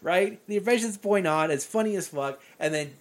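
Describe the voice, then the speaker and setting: A man's voice: sits high, brisk, a little hiss or hum. A man hosting a casual chat, animatedly recapping a movie's scenes with laughter.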